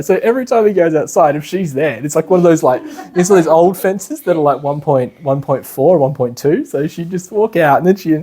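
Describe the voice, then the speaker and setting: An Australian man giving a casual lecture, chatty and animated, with many fillers. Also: fairly high pitch, quick pace, few pauses. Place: class in a meeting room.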